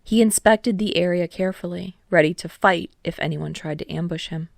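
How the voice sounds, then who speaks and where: A woman narrates a story in a steady, even reading voice. Her tone sits low with a noticeable gravelly fry. The recording is dry and close with no room sound. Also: moderate pace, no room sound. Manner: steady storytelling, voicing all characters. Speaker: podfic reader. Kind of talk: scripted narration.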